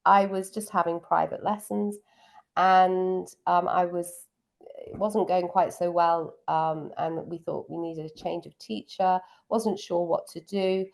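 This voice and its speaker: A middle-aged woman speaks in a low, gravelly register. She recalls her past warmly and at a relaxed, conversational clip, filling pauses with soft ums. She sounds like a seasoned piano teacher being interviewed. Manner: fond, reminiscing, frequent ums. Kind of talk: casual interview chat.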